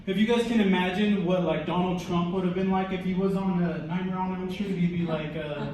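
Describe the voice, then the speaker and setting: Halting young male comedian, echoey room. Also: high-pitched. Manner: halting, filler-heavy, deadpan. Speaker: stand-up comedian. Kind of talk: stand-up comedy. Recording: echoey club room, distant mic, background noise.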